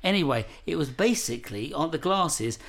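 A man's voice: a little high, animated, normal speed, fairly bright tone. Rambling, hesitant male talk host. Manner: rambling, hesitant, full of fillers and restarts. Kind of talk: casual talk-show chat. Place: Greenwich, London.

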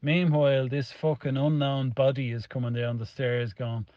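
A middle-aged Irish man recounts an anecdote, swearing freely. His rambling delivery runs at a mid pitch. It sounds like a dull, lo-fi clip in a dry space. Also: flat delivery, normal speed, dry recording. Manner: swears constantly, rambling, vivid retelling. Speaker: storyteller in a played clip. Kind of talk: casual spoken anecdote.

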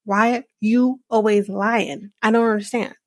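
A woman's voice: a little high, steady tone, a little slow, dry recording, studio quality. A woman doing an indignant young woman.

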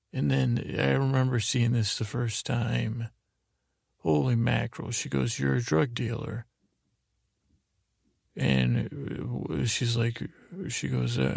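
Gravelly man rambling in a sleepy recap. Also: mid-range voice, a little mellow, dry recording, clean studio sound. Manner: meandering, halting, with many fillers and restarts. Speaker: podcast host.

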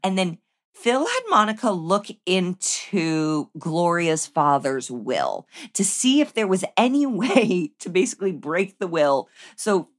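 Wry, lower-voiced woman co-host. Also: big pitch swings, a little slow. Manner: wry, joking commentary. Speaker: podcast co-host. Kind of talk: casual chat recapping a movie.

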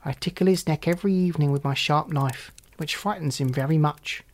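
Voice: medium pitch, a little fast, lightly acted. A reader doing a bossy, wild little robber girl.

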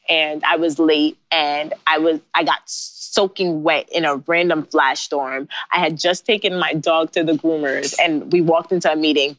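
Brief: woman in her thirties, lowish voice, animated storyteller, dry dull recording. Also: no room sound. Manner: animated, laughing asides, acts out her own past lines. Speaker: guest, bridal designer. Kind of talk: casual interview storytelling. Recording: dry, slightly dull sound.

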